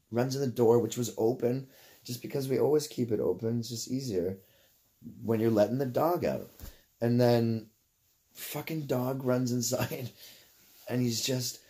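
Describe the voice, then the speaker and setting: A man's voice: mid-range voice, dark tone. A Canadian man telling a story casually, swearing freely and wandering off on tangents. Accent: Canadian English. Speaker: vlogger.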